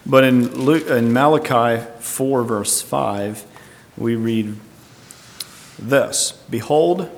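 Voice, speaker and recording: A male preacher works through scripture verse by verse, thinking aloud and sometimes admitting uncertainty. His voice sits at an ordinary middle pitch. A long reverb trails each phrase, as in a large hall. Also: steady tone, very slow. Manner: thoughtful, tentative, explaining verse by verse. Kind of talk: Bible teaching sermon.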